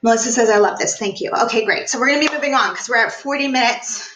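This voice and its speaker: A woman business coach teaching a live online workshop, upbeat and energetic, standing as she talks. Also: fairly high pitch, quick pace, roomy sound, slight background noise, low-quality recording. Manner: energetic, upbeat, demonstrates voices while teaching. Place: room, standing.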